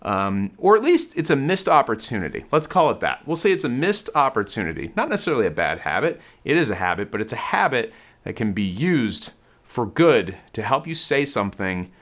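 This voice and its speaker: A man's voice: medium pitch, very animated, brisk, a bit bright. Guy giving a chill guitar lesson, voice moves up and down a lot, talks like he's chatting. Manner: conversational, explaining while demonstrating on guitar. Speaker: guitar teacher and channel host. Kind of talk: casual guitar lesson to camera.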